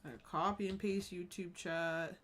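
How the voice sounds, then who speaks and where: A woman's voice: lowish voice, steady tone, moderate pace. A woman streaming live, chatting casually with her viewers, swearing freely and laughing often.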